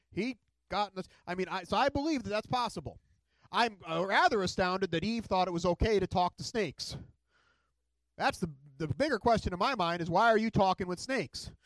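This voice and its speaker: A man preaching a sermon as a pastor, animated and conversational, now and then mocking a voice for a quoted skeptic. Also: high-pitched, no room sound, poor audio.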